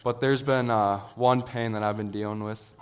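An earnest teenage boy gives a sermon in a smooth, clean voice that sits fairly low. He talks in an even, level tone with little rise and fall, often stopping and restarting his sentences. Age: teens. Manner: earnest, halting, many restarts. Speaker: student preacher.

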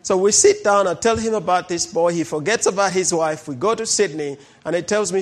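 A middle-aged pastor tells stories from the pulpit in a fairly high voice. He talks with a lot of life and slips into the voices of the people in his stories. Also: a little fast, few pauses. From Uganda. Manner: animated storyteller who acts out the people in his stories. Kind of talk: sermon testimony storytelling.

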